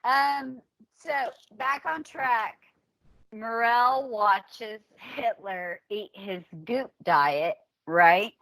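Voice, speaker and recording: A woman co-hosting a comedic history podcast, telling the story in a playful, animated way with frequent laughter. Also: on the high side, extremely slow, vocal fry, dry recording, low-quality recording. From United States. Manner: animated storytelling with giggles and silly voices. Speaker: podcast co-host.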